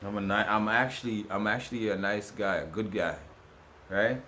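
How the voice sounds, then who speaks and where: A man's voice: lowish voice, normal speed, bright, forceful tone, slight background noise. A man vlogging to camera in a rambling, repetitive, aggrieved rant with many restarts. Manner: ranting, aggrieved. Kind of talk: casual monologue to camera.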